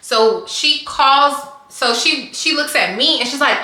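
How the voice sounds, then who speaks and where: Young woman, chatty storytime, bright sharp voice, echoey room. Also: a little high, animated, normal speed, hardly any pauses. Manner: chatty, lots of "like" and restarts. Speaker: vlogger. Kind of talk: casual storytime chat.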